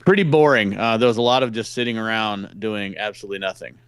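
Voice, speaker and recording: A low-voiced man co-hosting a podcast, talking in a relaxed, halting way with plenty of "um"s. The recording is close and dry, with no room sound. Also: clean tone, no echo. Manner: laid-back and hesitant, with many "um" and "uh" pauses. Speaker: podcast co-host. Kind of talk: casual movie chat.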